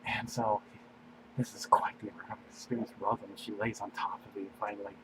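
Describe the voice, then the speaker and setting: Low-voiced man reading a fan story. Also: flat delivery, background noise. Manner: unhurried, meandering, with fillers. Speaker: story reader. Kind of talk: amateur fan-fiction reading.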